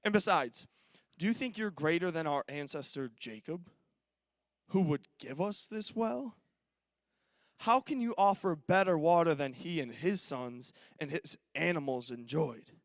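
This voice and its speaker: A man's voice: a little high, measured pace, dry recording, studio quality, voice pushed down. A man voicing a sassy, skeptical young woman at a well, answering with slick, dismissive retorts.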